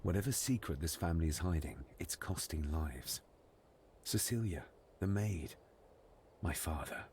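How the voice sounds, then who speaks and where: A brooding, troubled young man in a video game. His voice sits very low, earnest and quietly anxious, with faint ambience behind it. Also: lively intonation, a little slow, slight background noise. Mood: resolute. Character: troubled young man uncovering dark family secrets.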